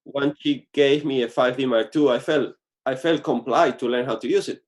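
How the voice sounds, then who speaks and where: A man's voice: medium pitch, moderate pace. A man being interviewed as a guest photographer, talking casually and often restarting his sentences with small slips.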